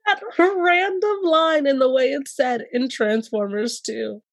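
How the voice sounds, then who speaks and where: A woman co-hosting a casual chat, animated and gushing, often breaking into laughter. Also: sits high, unhurried, no echo, studio quality.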